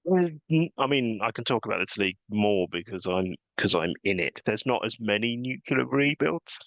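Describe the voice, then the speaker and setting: Male host, gravelly, relaxed rambler, dry dull mic. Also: lowish voice, normal speed, dry recording. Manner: relaxed, rambling, chuckles often. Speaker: podcast host. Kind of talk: casual chat. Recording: dull lo-fi sound.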